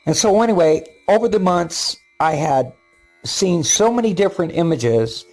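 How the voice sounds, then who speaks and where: A man's voice: high-pitched, lively intonation, a little mellow, soft background music. Rambling older man narrating his own footage. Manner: rambling and halting, with repeated words and many fillers. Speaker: paranormal video maker. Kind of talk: casual vlog commentary over his own footage.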